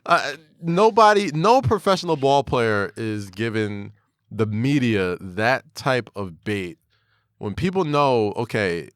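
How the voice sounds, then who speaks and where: A man's voice: mid-range voice, lively intonation, slow, clear, resonant tone, dry recording, studio quality. A man co-hosting a comedy podcast, giving blunt, opinionated takes on basketball. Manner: blunt, opinionated sports talk. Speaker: podcast co-host. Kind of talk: casual comedy banter.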